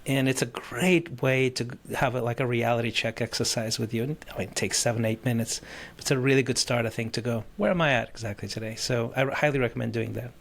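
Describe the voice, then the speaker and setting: A man's voice: mid-range voice, steady tone, a little fast, creaky, few pauses. A man speaking as a podcast guest and coach, talking eagerly in casual chat with lots of "like" fillers.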